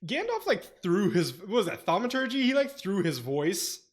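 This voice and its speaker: A young man with a slightly higher voice co-hosts a casual book podcast. He jokes in a mock-solemn, theatrical way and laughs often. He slows down and steadies when he reads plot summaries. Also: sing-song. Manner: reads synopsis in a quieter, steadier voice. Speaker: podcast co-host.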